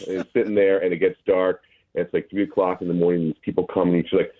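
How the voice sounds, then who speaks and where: A man appearing as a guest on a talk show, speaking haltingly with many fillers and restarts. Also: low-pitched, little pitch movement. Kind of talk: casual chat. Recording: tinny phone line.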